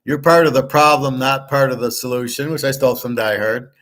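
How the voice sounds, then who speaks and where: Brief: male show host, middle pitch, venting and swearing in a casual monologue. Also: a little fast, a bit bright. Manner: profane, fed-up, reads his own comments aloud. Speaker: sports betting and gold commentary host.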